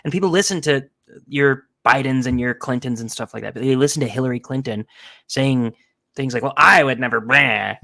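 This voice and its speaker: Bright-voiced man ranting casually. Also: mid-range voice, normal speed, gravelly. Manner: animated storytelling, acts out quoted people. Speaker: podcast co-host.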